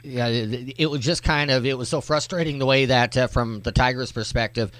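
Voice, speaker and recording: A man's voice: medium pitch, fairly even intonation, fairly quick, a bit bright, no echo. Folksy man hosting sports radio. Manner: folksy, chatty, many "uh"s. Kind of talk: radio interview.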